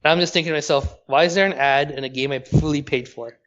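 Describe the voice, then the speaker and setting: A blunt, opinionated man speaks his mind in a casual gaming chat and swears freely. His voice sits a little higher than most men's. It comes over a call, so the sound is dull and lo-fi. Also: steady tone, quick pace, fairly bright tone. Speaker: podcast co-host.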